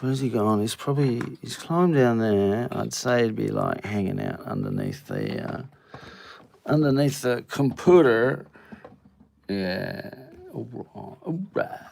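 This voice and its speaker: Casting note: male live-stream host, unhurried, gravelly, meandering and playful. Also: medium pitch, very animated, darkish tone. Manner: rambling, self-interrupting, playful. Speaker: livestream host. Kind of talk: casual live stream chat.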